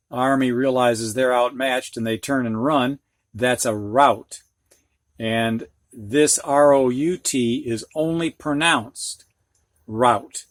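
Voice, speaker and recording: An older man teaches a phonics lesson for students and teachers, patiently sounding out words and explaining them with everyday examples. His voice is mid-range, and the recording is studio quality with no echo.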